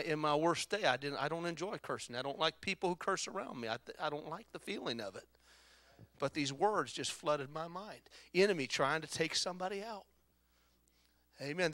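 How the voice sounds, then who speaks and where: A man preaching a sermon as pastor, swinging from loud exhortation to quiet personal storytelling. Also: a little high, dry recording. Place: church sanctuary.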